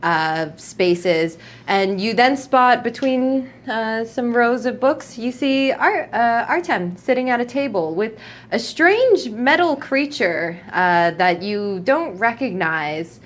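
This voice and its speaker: A woman's voice: a little high, animated, slow pace. A woman narrating a tabletop game as game master, in loose, rambling description with many fillers.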